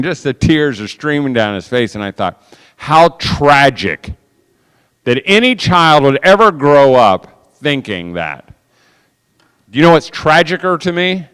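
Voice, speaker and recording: Animated male speaker, smooth and resonant, acts out every voice in his stories. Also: mid-range voice, unhurried, big-room sound. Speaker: conference speaker. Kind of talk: storytelling talk to an audience.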